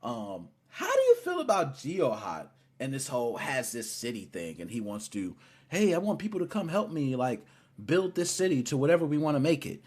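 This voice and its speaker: A man hosting a casual gaming podcast, teasing his guest in an animated, playful way. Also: mid-range voice, moderate pace, husky. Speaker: podcast host.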